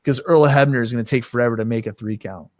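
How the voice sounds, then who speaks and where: A man with a mid-range voice talks fast as co-host of a casual podcast, ranting about a wrestling show he's reviewing. He swears often and acts out quoted voices. The audio is dry and studio quality.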